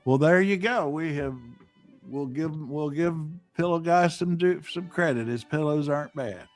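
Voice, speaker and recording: A man hosting a casual live-stream chat, talking in a halting, rambling way with many fillers. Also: a little high, faint music behind. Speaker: host.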